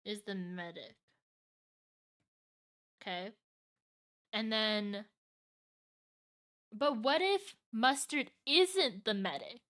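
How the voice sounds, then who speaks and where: A woman streaming live, chatting casually and excitably as she reacts to a video, often restarting her sentences. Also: mid-range voice, very slow, pauses often.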